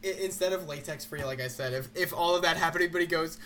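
A man's voice: a little high, racing, bright, forceful tone. A man co-hosting a podcast in casual comedic chat, tossing in dry quips and playful jokes. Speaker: podcast co-host.

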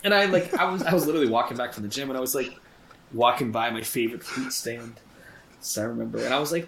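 A man's voice: mid-range voice, fast talker, vocal fry, slight background noise, poor audio. A man co-hosting a podcast, telling stories in casual, profane chat and acting out the voices of the people he quotes. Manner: animated storyteller, acts out quoted voices. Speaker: podcast co-host.

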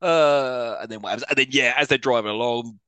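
A man's voice: mid-range voice, brisk, sharp tone, clear, resonant tone, no echo. A man co-hosting a casual film-review podcast, recapping the plot with laughing asides. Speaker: podcast co-host.

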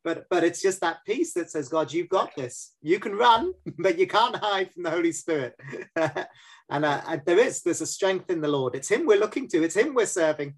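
A man hosting a Christian conversation, measured, quoting scripture as he talks. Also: high-pitched, lively intonation. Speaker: host. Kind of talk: faith-based interview.

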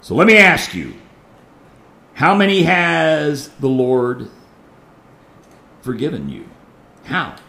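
A man pastor preaching a sermon, dramatic, repeating key lines and swinging between soft and loud. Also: a little high, very animated, slow, vocal fry, long pauses, reverberant.

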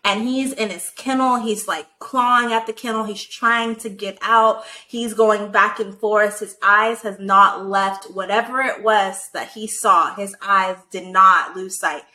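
A young woman tells a story in a casual, animated way, swearing often and dropping "like" into most sentences. Her voice is bright and forward. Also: mid-range voice, measured pace, few pauses, low-quality recording. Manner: animated, profane, many "like" fillers. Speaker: guest telling a personal story.

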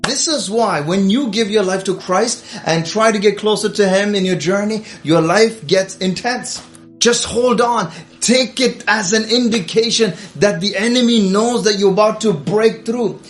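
A man's voice: high-pitched, measured pace. A male preacher delivering an urgent, exhorting sermon to livestream viewers. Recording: echoey room with faint music.

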